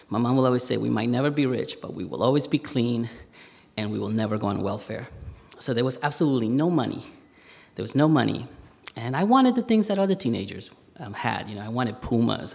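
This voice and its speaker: A man, telling a personal story live on stage in a conversational way, with pauses and fillers. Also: medium pitch, gravelly. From Spanish Harlem, New York. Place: stage in a museum hall, live audience. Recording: reverberant live hall.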